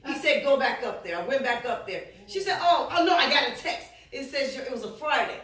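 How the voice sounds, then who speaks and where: High bright woman preaching in echo. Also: a little fast. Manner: animated storytelling, acts out dialogue, laughs often. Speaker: pastor. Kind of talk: sermon testimony. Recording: echoey room, from far off.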